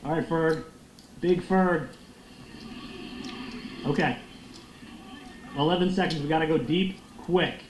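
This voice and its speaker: A young man giving loud, excitable, profane commentary while playing a football video game. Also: fairly high pitch, slow pace, pauses often. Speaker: gaming streamer. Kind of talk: live gameplay commentary. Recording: echoey room with faint noise.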